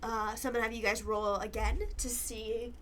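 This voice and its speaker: A woman's voice: on the high side, flat delivery, normal speed, fairly bright tone, a little hiss or hum. A woman running a tabletop game as game master, narrating hesitantly with many fillers and frequent laughter.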